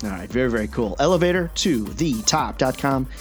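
A man's voice: mid-range voice, expressive, a little fast, faint music behind. Chatty, upbeat male podcast host. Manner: enthusiastic, chatty, many "uh" fillers. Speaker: podcast host and sales coach. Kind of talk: casual podcast talk.

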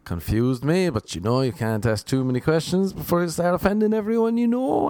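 A young man hosting his own podcast, telling rambling comic stories with deadpan asides. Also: fairly high pitch, fairly quick, few pauses, no echo. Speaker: podcast host. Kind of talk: casual comedic monologue.

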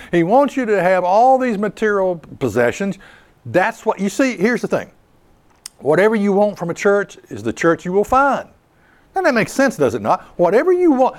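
Lively high-pitched male preacher. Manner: animated preaching, mocking impressions and storytelling. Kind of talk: sermon.

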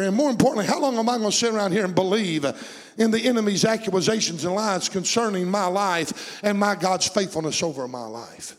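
A man's voice: high-pitched, animated, brisk, long reverb tail. A man preaching a sermon in a fervent, rhythmic way, stacking repeated phrases.

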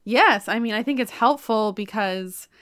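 A woman hosting a podcast, chatty and animated, retelling an opera plot in casual talk full of "like". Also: on the high side, unhurried, no echo, clean studio sound. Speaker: podcast host.

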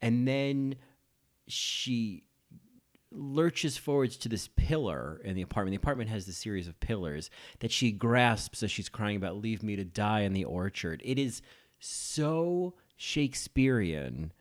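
A man hosting a podcast, giving casual, animated film commentary full of gushing, campy asides. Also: medium pitch, measured pace. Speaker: podcast host and film reviewer.

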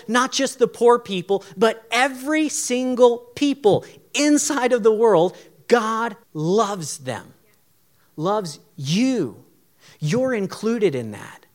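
A young man preaching a sermon in an earnest, pleading, conversational way. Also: sits high. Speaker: pastor.

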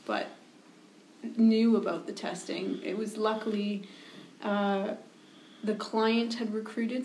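A woman co-hosting a casual podcast chat, talking quickly and poking fun at herself. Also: mid-range voice, a little mellow. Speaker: podcast co-host. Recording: echoey room with faint noise.

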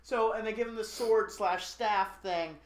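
A podcast co-host in casual chat, recapping a movie plot in a rambling, joking way with lots of fillers and quick asides. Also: mid-range voice. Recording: roomy echo.

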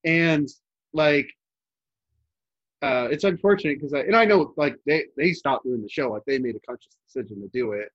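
Casual, rambling podcast chat comes from a young adult man co-hosting the show, heavy on fillers and restarts. He speaks at normal speed in a mid-range voice, and the high frequencies are cut off.

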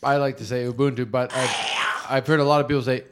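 A man's voice: mid-range voice, fast. A man co-hosting a casual podcast, telling stories and joking with friends. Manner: animated storyteller, jokey. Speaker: podcast co-host. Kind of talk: casual banter.

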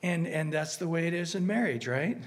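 A man preaching a conversational sermon as pastor, earnest and animated, often restarting his sentences. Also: fairly high pitch, normal speed. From United States.

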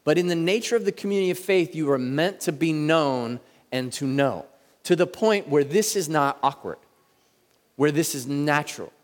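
A man in his thirties preaching a sermon in a church, talking in a conversational way and slowing down to stress key words. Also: a little high, lively intonation. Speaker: pastor. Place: church sanctuary. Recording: reverberant church hall.

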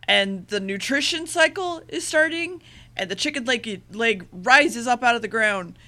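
Bright-voiced woman rambling through a recap. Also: on the high side, lively intonation. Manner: rambling, profane recap with loose paraphrased dialogue; rushes her words. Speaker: podcast co-host recapping an episode. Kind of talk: casual chat.

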